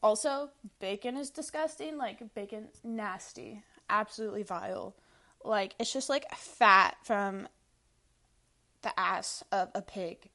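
A woman's voice: mid-range voice, takes it slowly, creaky, bright, forceful tone. A young woman hosting a casual monologue of opinions, blunt and profane, filling nearly every phrase with "like". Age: young adult. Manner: blunt, profane, filler-heavy with constant "like". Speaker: podcast host. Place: Washington State.

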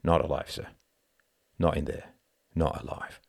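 A man voicing a grim fireman who speaks in a low, flat voice in an audiobook. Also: measured pace, gravelly, no room sound, clean studio sound, exaggerated voice.

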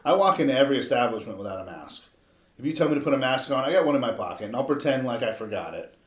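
A man's voice: mid-range voice, expressive, racing, echoey room. A man with an American accent in casual, profane chat, talking bluntly and acting out little exchanges. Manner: blunt, swears constantly, acts out shop exchanges.

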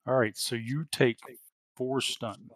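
Man, game master, narrating tabletop combat, working through the rules, mid pitch, dry close sound. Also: steady tone, slow pace, dry recording. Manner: narrates action and rules, with many fillers and restarts.

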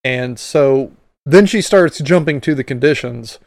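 A man's voice: medium pitch, a little slow, creaky, a little mellow, no echo. A man hosting a podcast, commenting bluntly and with exasperation on a hearing clip. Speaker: podcast host.

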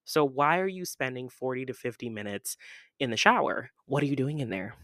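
A young woman hosting a casual podcast from home, chatting in a playful, rambling way with sudden loud jumps in pitch. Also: animated, brisk, no echo, clean studio sound. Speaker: podcast host. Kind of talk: casual solo podcast chat.

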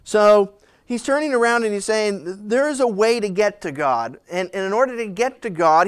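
Male pastor, high and clear, emphatic teaching style. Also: fairly bright tone. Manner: conversational, emphatic, acts out quoted voices. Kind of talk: expository Bible teaching.

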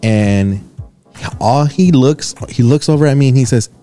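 A man co-hosting a radio show, telling a funny story in a casual, animated way, laughing often. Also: mid-range voice, unhurried, faint music behind.

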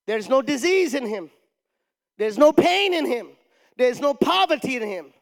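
High-pitched pastor preaching in a hall. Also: male voice, expressive, unhurried, gravelly. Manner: emphatic, with shouted peaks and audience call-and-response. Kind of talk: preaching a sermon. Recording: long reverb of a large hall.

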